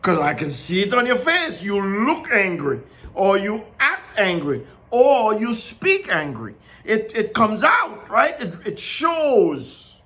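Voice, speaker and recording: A man preaches informally, in a high, bright voice. His pitch swings widely as he speaks, and he keeps a slow pace. He asks his listeners question after question. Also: huge pitch swings. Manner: conversational, asks many questions, laughs often. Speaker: Bible teacher. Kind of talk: informal sermon.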